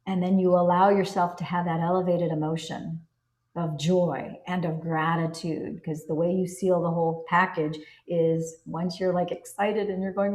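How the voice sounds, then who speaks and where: Woman, self-help coach, earnest, slightly low voice, roomy echo. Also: level tone, moderate pace, a little mellow. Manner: earnest, coaching, acts out inner self-talk. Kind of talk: spoken self-help teaching.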